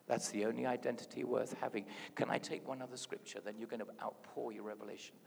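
A man preaching a sermon in a lively, playful way, dropping to a hush and then rising loud. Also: mid-range voice, quick pace, vocal fry. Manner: animated, playful, swings from hushed to loud. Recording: hall reverb.

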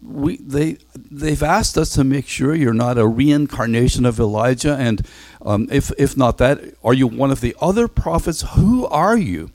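A man doing a squeaky, fretful questioner. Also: animated, a little slow, a little mellow, no room sound. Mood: exasperated. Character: anxious questioning delegation of religious men.

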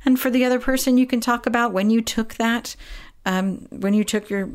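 A woman hosting a podcast, answering a parent's question with earnest, encouraging advice, pausing often to think. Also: a little high. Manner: earnest, encouraging, with thoughtful pauses and fillers. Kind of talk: warm casual advice talk.

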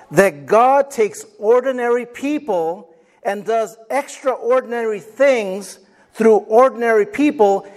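Male pastor with a high voice, animated, dramatizes quoted voices while preaching. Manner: call and response with congregation. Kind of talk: sermon.

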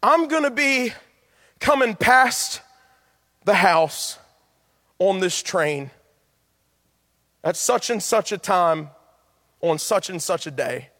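Ashamed young ex-con voiced by a male preacher, earnest and pleading, high-pitched, long hall reverb. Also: lively intonation, takes it slowly, long pauses, bright, forceful tone, heavily acted. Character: ashamed young male ex-convict heading home.

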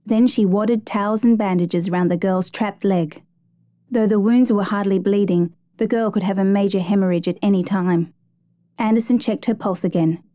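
A woman narrating a true rescue story in a measured, even storytelling manner. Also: mid-range voice, no room sound. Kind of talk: scripted narration.

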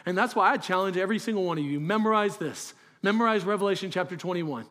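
Male pastor, high-pitched voice, earnest conversational sermon, rhetorical questions. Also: fast, fairly bright tone.

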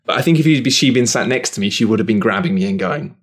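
A man, co-hosting a casual chat and telling an animated, sweary story. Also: lowish voice, fast, husky.

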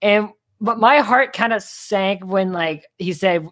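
A man's voice: sits high, slow pace, a bit bright. A young man co-hosting a casual sports podcast, laid-back and a little hesitant. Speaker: podcast co-host. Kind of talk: casual chat.

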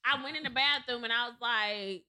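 A woman in casual group talk, telling stories in an animated way and laughing often. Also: fairly high pitch, fairly quick, no echo.

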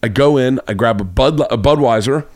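A man with a brisk delivery and a darkish, mid-range voice hosts a podcast from his home studio room without any echo. Chatting casually, he rambles through a lengthy anecdote and voices the people in it himself.

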